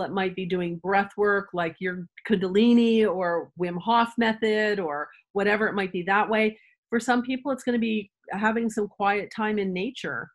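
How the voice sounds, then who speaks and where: A woman chiropractor, a guest on an interview show, explaining ideas thoughtfully, searching for words and restarting phrases as she goes. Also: mid-range voice. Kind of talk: conversational interview answers.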